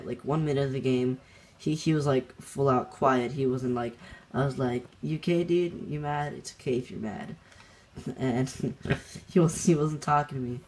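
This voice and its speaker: A man's voice: mid-range voice, darkish tone. A young man hosting a gaming channel, recounting a match in rambling casual commentary, laughing often and full of fillers and restarts.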